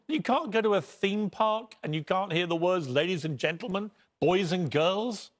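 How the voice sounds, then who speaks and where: British man, panel guest, excitable, wide-ranging pitch. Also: moderate pace, hardly any pauses. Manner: excitable, animated, talks over others. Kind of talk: opinionated panel talk.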